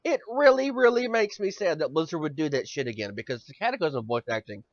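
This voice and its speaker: A man's voice: fairly high pitch, lively intonation, fairly quick, no echo. A male podcast host ranting in casual chat, swearing often and stammering over repeated words. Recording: dull dry lo-fi audio.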